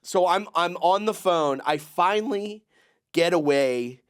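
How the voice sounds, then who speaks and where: A man's voice: sits high, expressive, unhurried, clear, resonant tone. A young man co-hosting a comedy podcast, telling a story with lots of energy, acting out other people's lines and laughing often. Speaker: podcast co-host. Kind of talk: casual comedic chat.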